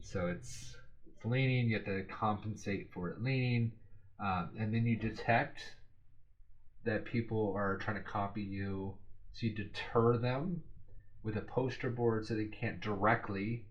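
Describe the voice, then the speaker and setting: A man with a fairly low voice talks through memory tricks in an easygoing, rambling way. He often stops to correct himself and leans on filler words. The recording sounds dull and lo-fi. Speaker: exam study tutor. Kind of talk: casual spoken study lesson.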